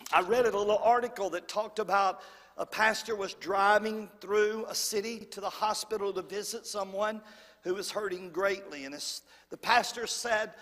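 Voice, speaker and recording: A man's voice: high voice, fairly bright tone. A man preaching a sermon to a congregation, repeating phrases and calling for amens. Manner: preacherly, repetitive, calls for amens. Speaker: pastor. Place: church hall. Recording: long hall reverb.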